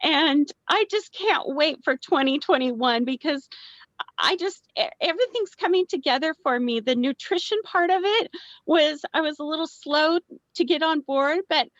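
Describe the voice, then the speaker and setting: A woman's voice: high-pitched, moderate pace, a bit bright, no echo, highs cut off. A woman thanking her team, emotional and grateful, on a group call. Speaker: team member. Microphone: online group call.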